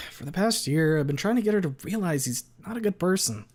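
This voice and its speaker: A man's voice: high-pitched, lively intonation, moderate pace, pitched above the performer's own voice. A man voicing an easygoing teenage boy who talks casually and keeps calling his friend dude and man. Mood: earnest. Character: easygoing teenage boy, a laid-back bro.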